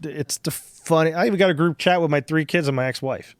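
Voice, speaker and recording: A man's voice: fairly high pitch, fairly quick, no room sound. A man in his thirties hosting a podcast, telling stories in a rambling, profane, casual way full of fillers. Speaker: podcast host.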